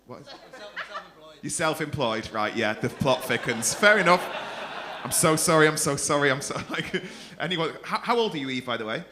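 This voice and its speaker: A man's voice: on the high side, lively intonation, normal speed, background noise. A man hosting a comedy club, teasing the audience with sweary crowd-work banter.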